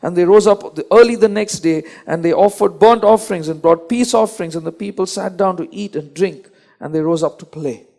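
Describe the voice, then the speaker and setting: A man's voice: high voice, a little fast, vocal fry, dark tone. A man preaching a sermon, emphatic and repetitive, often restarting his sentences.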